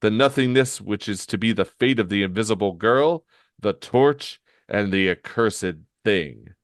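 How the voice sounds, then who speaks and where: A man voicing a scheming, gloating male comic villain, smug and measured, in a low voice. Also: dry recording, clean studio sound, close to an everyday voice.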